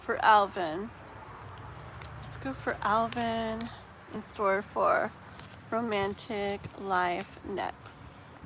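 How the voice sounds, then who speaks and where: A woman in her thirties reading tarot on a live stream, chatting to viewers in a rambling, animated way. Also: mid-range voice, very slow, long pauses, background noise. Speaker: tarot reader.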